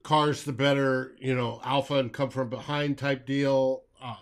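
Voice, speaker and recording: A man co-hosting a casual sports talk show, speaking in a relaxed, halting way. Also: medium pitch, clean tone. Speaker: podcast co-host.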